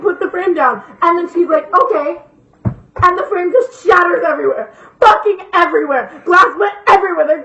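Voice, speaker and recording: High-voiced young woman telling a dramatic story. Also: a bit bright. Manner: dramatic, profane, filler-heavy storytelling. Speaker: YouTuber. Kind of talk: storytime vlog. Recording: echoey lo-fi room sound.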